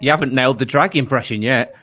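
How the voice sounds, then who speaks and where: A man's voice: mid-range voice, fast talker, sharp tone. A man chatting with friends and throwing in dry, teasing quips. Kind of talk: casual banter.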